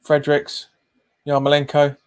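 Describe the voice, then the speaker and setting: A man's voice: a little high, monotone, normal speed, smooth. A man streaming a live football watch-along, calling passes and chatting casually with viewers, often repeating himself. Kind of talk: live match commentary and chat reading.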